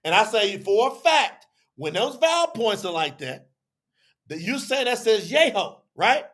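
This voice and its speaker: On a religious telethon, this teacher addresses a live audience in a high, bright voice full of big pitch swings. He chats his way through, playing both sides of an argument and explaining at length with lots of repetition.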